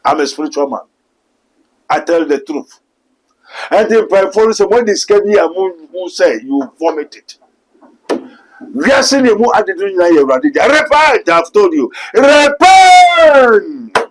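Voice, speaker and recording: Fervent Ghanaian preacher man, high voice. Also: animated, normal speed, long pauses, husky, poor audio. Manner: fervent, switches to loud exhortation. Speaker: pastor. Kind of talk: preaching interview answers.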